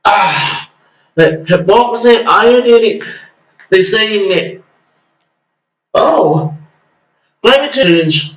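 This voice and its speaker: A man's voice: high-pitched, animated, very slow, pauses often, a bit bright, distant mic. A man ranting in an exasperated, mocking way, swearing at times, as a vlogger. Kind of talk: ranting commentary. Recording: echoey room, away from mic.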